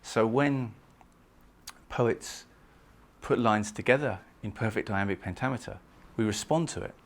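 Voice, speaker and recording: Emphatic lecturing man with a low voice. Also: a little slow. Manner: lively, emphatic, stresses words by rising in pitch and volume; reads verse aloud, chanting the meter. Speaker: literature lecturer. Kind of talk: recorded poetry lecture.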